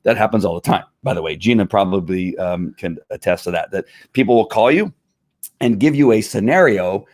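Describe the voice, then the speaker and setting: A man's voice: lowish voice, animated, a little fast, darkish tone, no echo, studio quality. A middle-aged man who trains dogs, talking casually and with animation, acting out dog owners and laughing often. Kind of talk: casual livestream talk.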